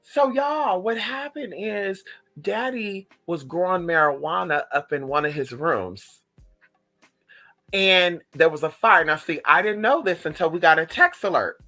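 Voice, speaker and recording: A man telling a story in a casual vlog, animated and full of profanity, speaking straight to his viewers. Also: high-pitched, unhurried, faint music behind, low-quality recording.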